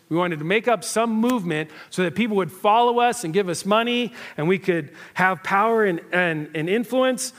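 A man preaching a sermon in a lively, conversational way, often checking in with the listeners with "right?". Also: high-pitched, in a large hall. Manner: animated, conversational, frequent "right?" asides. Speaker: pastor.

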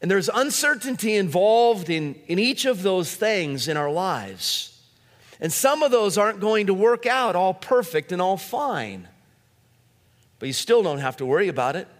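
Middle-aged male pastor, slightly high voice, chatty sermon with a long hall echo. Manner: conversational preaching with asides and anecdotes. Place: church sanctuary.

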